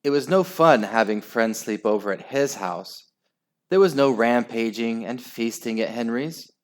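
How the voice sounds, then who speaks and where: Unhurried man reading a children's story. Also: medium pitch. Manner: expressive, unhurried. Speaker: storybook reader. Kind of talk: children's story read-aloud.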